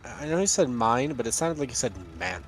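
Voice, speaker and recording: A man's voice: mid-range voice, very animated, brisk, crowd noise. A man chatting while streaming a game with friends, making wry, self-mocking comments. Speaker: gamer on a stream. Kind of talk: casual chat while gaming.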